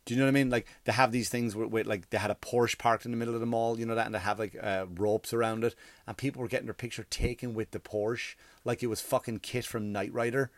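A male comedian rambles through a story with plenty of swearing and exasperated asides. His voice sits at an ordinary pitch. It is recorded dry and close, with no room echo. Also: fairly even intonation, quick pace. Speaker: stand-up comedian. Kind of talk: casual storytelling chat.

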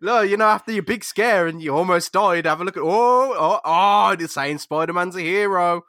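A man's voice: sits high, moderate pace, pushed and bright, dry recording, clean studio sound, pitched above the performer's own voice. A man putting on the voice of a scheming adult son who mock-sweetly goads his bedridden father.

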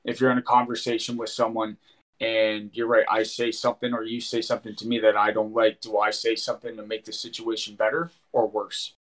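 A man's voice: fairly low pitch, completely flat delivery, brisk, fairly bright tone, low-quality recording. Laid-back male podcast guest. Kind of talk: casual chat.

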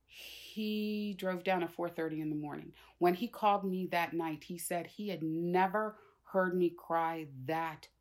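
A woman in her fifties, a guest in a conversation, tells personal stories with emotion and animation, acting out her relatives' voices. Her voice is fairly low, her pace measured with few pauses.

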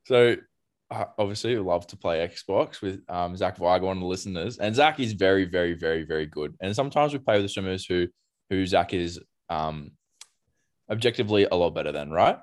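A man's voice: deep voice, brisk. An Australian man co-hosting a podcast in casual, easygoing chat. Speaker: podcast co-host.

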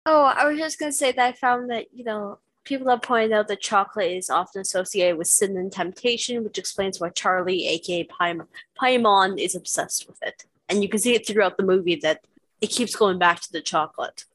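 A woman's voice: mid-range voice, brisk, a bit bright, no echo, rough recording. A woman co-hosting a podcast in casual chat, explaining her points in an earnest way. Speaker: podcast co-host.

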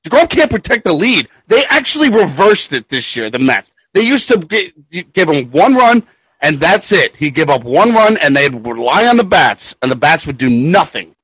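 A man's voice: a little high, big pitch swings, normal speed, slightly rough, dry recording, low-quality recording. A man ranting angrily about his teams on a sports podcast, swearing and raising his voice. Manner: angry profane ranting, shouting at times. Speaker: podcast co-host. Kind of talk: casual sports chat.

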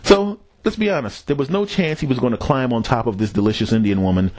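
A man's voice: medium pitch, fast, darkish tone, no room sound. A man hosting a podcast, telling a rambling, profane story in a casual solo monologue and chuckling at his own jokes. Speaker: podcast host.

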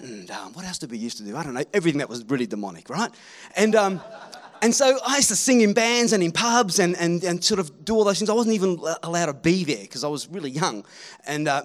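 A preacher with a high voice delivers a sermon. He rallies the crowd with lively calls and drops to hushed tones between them. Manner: animated, rallying the crowd, swings from loud to hushed.

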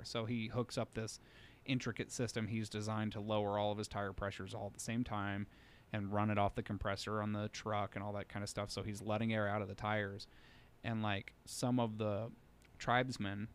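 A man's voice: lowish voice, a little hiss or hum. A man co-hosting a podcast in a studio, telling a long story in casual chat full of fillers. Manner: rambling storyteller, many fillers. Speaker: podcast co-host.

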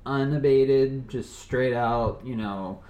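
A man in a casual podcast, explaining things in a steady, measured way and keeping score in a game. His voice sits mid-range with a noticeable room echo. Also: mid-range voice, muffled recording. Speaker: podcast co-host. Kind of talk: casual chat.

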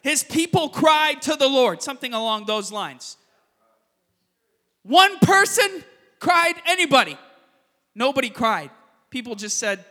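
A male pastor with a very high, bright, forceful voice delivers a lively sermon. He swings from loud, punchy emphasis to hushed quick asides. The sound carries a long church-hall reverb. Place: church sanctuary.

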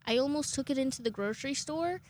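A young woman with a slightly high voice hosts a casual solo podcast. She rambles loosely, swears freely and keeps amusing herself as she talks. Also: animated, quick pace, darkish tone. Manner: rambling, swearing, self-amused. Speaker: podcast host.

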